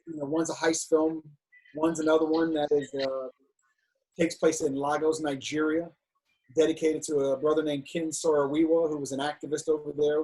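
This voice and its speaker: Husky middle-aged man, frank storyteller. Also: a little high, darkish tone, low-quality recording. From United States, Cincinnati. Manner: frank, talks through restarts and stammers. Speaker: filmmaker and actor, guest. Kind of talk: candid interview storytelling.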